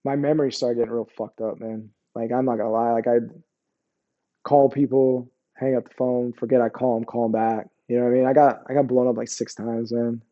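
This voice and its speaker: A man's voice: mid-range voice, little pitch movement, brisk, muffled recording. A man in his forties, an Army veteran guest, telling his war stories in a rambling, profane way. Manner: profane, rambling, keeps asking "you know what I mean". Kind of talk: candid interview storytelling.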